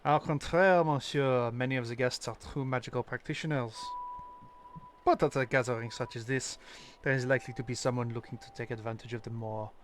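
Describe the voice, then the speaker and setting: A man voicing a poised French male academic who debunks fraudulent mystics, in a put-on French accent with formal, measured delivery. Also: medium pitch, fairly even intonation, background noise, natural voice. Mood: assured.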